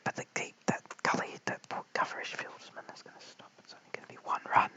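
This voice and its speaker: An Australian man giving whispered cricket commentary late at night at home, mic held very close, hushed and apologetic as he chats with viewers. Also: fast, rough recording. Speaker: live stream cricket commentator. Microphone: held very close to the mouth.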